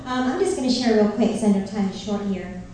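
A middle-aged missionary speaker from Northern California gives an earnest, heartfelt church testimony, full of fillers including a few ums. Her mid-range voice is animated and quick. The recording is very noisy and very echoey, captured from far off in a hall.

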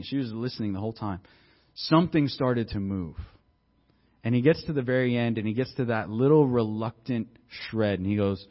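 A man's voice: mid-range voice, husky, highs cut off. A man preaching a sermon, telling a story in a conversational way and building to emphatic exhortation. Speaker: pastor.

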